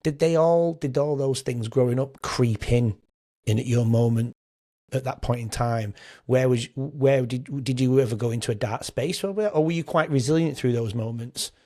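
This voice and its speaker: A man's voice: mid-range voice, normal speed, dark tone. A man hosting a podcast, asking long, winding questions full of fillers. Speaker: podcast host. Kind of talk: interview conversation.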